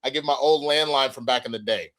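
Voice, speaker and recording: A man's voice: medium pitch, a little fast, fairly bright tone. A young adult man casually telling a funny story, acting out the other people's lines and swearing freely. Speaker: podcast co-host.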